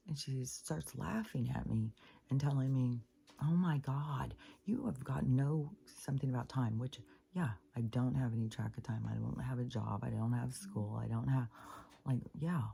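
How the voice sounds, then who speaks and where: A woman's voice: very deep voice, gravelly, mellow, breathy edge. An older woman venting in a rambling personal monologue for her spiritual vlog, swearing freely as she talks. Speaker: spiritual vlogger.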